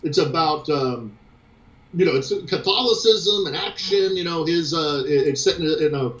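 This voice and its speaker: A man's voice: fairly high pitch, normal speed, fairly bright tone. An American man, a guest in a casual interview, rambling with many fillers. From United States. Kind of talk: casual chat. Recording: echoey, dull lo-fi audio.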